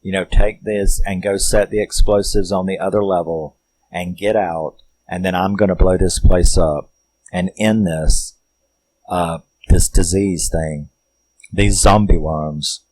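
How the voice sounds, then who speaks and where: A man's voice: low voice, steady tone, a little slow, darkish tone, rough recording. A man, rambling profanely through a casual film plot recap with many fillers. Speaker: film reviewer.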